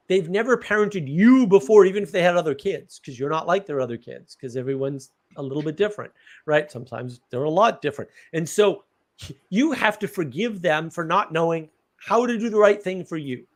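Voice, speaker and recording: A man with a fairly high voice hosts a casual live stream, wandering from story to story with blunt, offhand swearing. He talks loosely, restarting sentences as he goes. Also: animated, normal speed. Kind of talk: casual chat.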